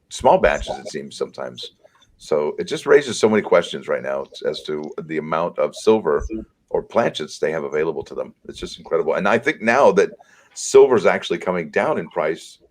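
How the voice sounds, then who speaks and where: A man co-hosting a casual livestream, talking in a relaxed, rambling way. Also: sits low. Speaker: co-host.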